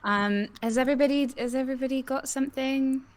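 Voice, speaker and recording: A woman's voice: high-pitched, fast. A woman co-hosting a live stream, reading out prompts in a giggly, enthusiastic way. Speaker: co-host giving prompts. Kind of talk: casual livestream chat.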